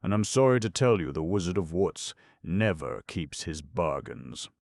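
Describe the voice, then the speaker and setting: Man doing a nervous fat minister, apologetic, gravelly, storybook. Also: low voice, big pitch swings, normal speed, a little mellow, no room sound, clean studio sound, heavily acted. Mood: gloomy. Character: anxious fat male minister.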